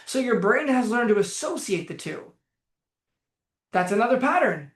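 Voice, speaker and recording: Blunt, animated male coach in a roomy space. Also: very high voice, normal speed, pauses often. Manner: blunt, profane and animated, with bursts of laughter. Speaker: anxiety coach. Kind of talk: casual direct-to-camera talk.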